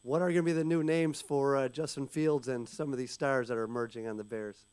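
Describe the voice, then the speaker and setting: Smooth-voiced male co-host. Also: mid-range voice, fairly even intonation, brisk, darkish tone. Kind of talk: casual interview questions.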